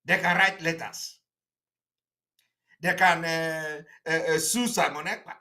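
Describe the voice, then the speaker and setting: A man's voice: fairly high pitch, fairly even intonation, takes it slowly, sharp tone. A Nigerian-accented man giving a combative, indignant political address on a livestream, hammering points with repeated rhetorical jabs. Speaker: political activist addressing viewers.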